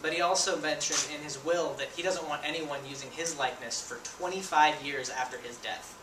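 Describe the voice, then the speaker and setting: A man's voice: on the high side, fairly even intonation, brisk. A young man giving a persuasive contest speech, engaging the audience with questions. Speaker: student speaker. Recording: echoey room, voice from a distance, faint noise.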